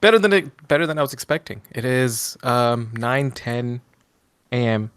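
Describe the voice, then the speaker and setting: A college-age man co-hosting a casual podcast, making dry, deadpan quips. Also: medium pitch, normal speed, clean tone, no room sound. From Pacific US. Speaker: podcast co-host.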